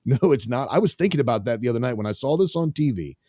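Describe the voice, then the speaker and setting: A man's voice: mid-range voice, lively intonation, fast talker, dark tone, no echo, clean studio sound. A man hosting a talk radio show, chatting casually and rambling with lots of fillers.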